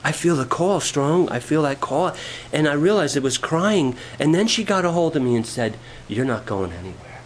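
A man preaching a sermon, shifting from quiet storytelling to rising, fervent preaching. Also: on the high side, lively intonation, normal speed, hardly any pauses, a little hiss or hum, poor audio. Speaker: pastor.

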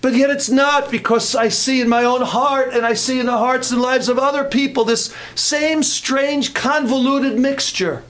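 A man's voice: extremely high pitch, fairly even intonation, normal speed, few pauses, fairly bright tone. A man preaching a sermon, earnest and repetitive, with folksy humorous asides.

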